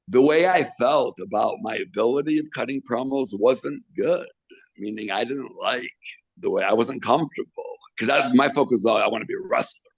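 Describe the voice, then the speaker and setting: This man, a wrestling manager and trainer, recounts stories in an interview with lots of animation, imitating others when quoting them. He speaks at medium pitch with vocal fry, in a dry, dull lo-fi recording.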